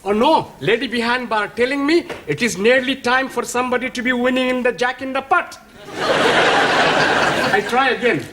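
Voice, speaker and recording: A man's voice: extremely high pitch, normal speed, heavy background noise. A man playing an eager foreign student in a sitcom who speaks with odd grammar. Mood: excitable. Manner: odd -ing grammar, excitable.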